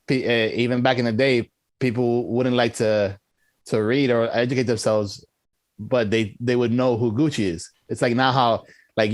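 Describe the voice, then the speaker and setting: A man co-hosting a casual movie review podcast, talking in a relaxed, rambling way. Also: medium pitch, no echo. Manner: laid-back, rambling, laughs often. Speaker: podcast co-host.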